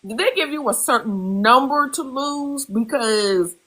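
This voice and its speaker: Interviewer, woman, bright husky high voice, hesitant questions, off-mic. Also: lively intonation, measured pace.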